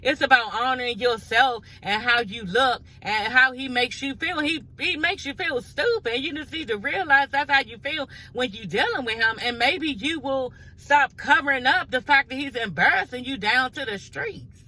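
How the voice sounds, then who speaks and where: A woman's voice: high-pitched, moderate pace, pushed and bright, rough recording. A woman recapping a reality show in a casual gossip vlog, blunt and profane, talking straight to her viewers.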